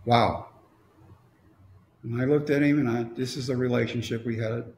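A man's voice: medium pitch, steady tone, moderate pace, darkish tone. A middle-aged man from Texas, telling a personal story in a wry way with quoted dialogue. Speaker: motivational speaker. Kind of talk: storytelling talk. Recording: echoey room.

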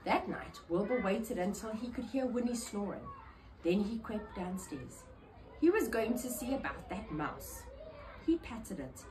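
A woman reads a children's picture book aloud, storytelling in an expressive, animated way. Her voice sits on the high side, and the background is noisy.

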